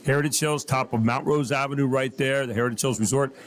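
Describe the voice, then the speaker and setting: A man's voice: medium pitch, fairly even intonation, fast talker. A man hosting a local talk radio show, upbeat and folksy, rambling through ad reads with plenty of fillers. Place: radio studio in a downtown city.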